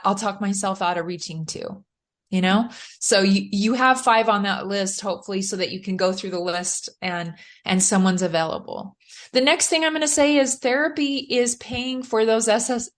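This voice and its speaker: A middle-aged woman, a motivational speaker, giving earnest and encouraging advice as a guest in a podcast interview. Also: mid-range voice.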